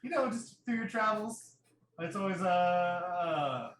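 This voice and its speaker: A man's voice: sits high, animated, unhurried, background noise. Hesitant man, distant and roomy. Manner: hesitant, with many fillers. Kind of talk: tabletop game role-play.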